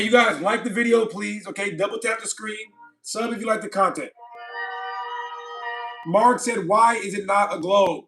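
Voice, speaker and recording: A man streaming live, reading chat comments aloud and mocking them combatively. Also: sits high. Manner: combative, mocking, loud outbursts.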